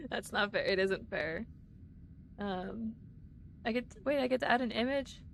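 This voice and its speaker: A woman's voice: a little high, a little slow, vocal fry, a little hiss or hum. A woman streamer chatting casually with her viewers while playing a game live, giggling often. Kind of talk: live-streamed gameplay chat.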